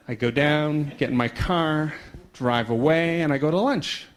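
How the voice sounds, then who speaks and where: A man giving a talk, telling a story in a lively way and acting out the voices in his anecdote. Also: on the high side. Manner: animated storyteller acting out dialogue; quick pace with slowing down. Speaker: conference speaker.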